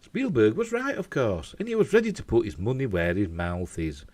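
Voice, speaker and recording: A man with a Yorkshire accent reads entertainment news in a lively voice that swings up and down. His voice sits low, and the recording is close and dry. He breaks in now and then with jokey asides. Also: moderate pace, dry recording. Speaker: host.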